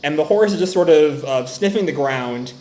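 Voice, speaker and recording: A man's voice: on the high side, normal speed, echoey room, a little hiss or hum. A man hosting a manga reaction video, reading the chapter aloud and reacting with laughter and tangents. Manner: animated, laughs often, tangents. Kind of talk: casual reading and commentary.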